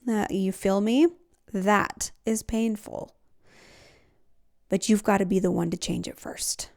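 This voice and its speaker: Woman podcast host, slow and gravelly, earnest life coaching chat. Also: medium pitch, a little mellow. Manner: earnest, coaching, laughs often. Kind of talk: casual self-help talk.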